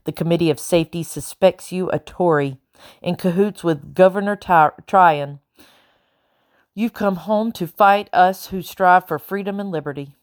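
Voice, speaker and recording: A woman's voice: lowish voice, normal speed, no room sound, clean studio sound, natural voice. A woman reading the part of a stern, blunt male revolutionary officer in an audiobook.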